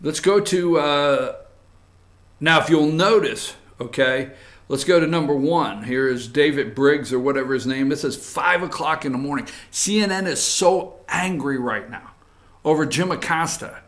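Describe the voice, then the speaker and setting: An animated man hosting political commentary with a high-pitched voice. His tone is bright and forceful, mocking as he talks and dropping into muttered asides. He speaks in a casual, offhand way. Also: moderate pace. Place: studio.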